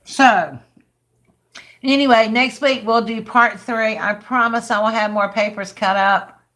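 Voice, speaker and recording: Woman, older, hoarse, raspy, chatty rambling craft host. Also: a little high, steady tone, a little slow, fairly bright tone. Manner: chatty, rambling, talks to viewers by name. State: hoarse, losing her voice. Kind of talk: casual craft livestream chat.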